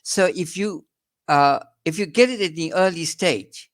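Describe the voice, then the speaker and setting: A man with a South African accent, a doctor, explains something in an interview, earnest and emphatic, often restarting his sentences. His voice sits a little high and moves a little slowly.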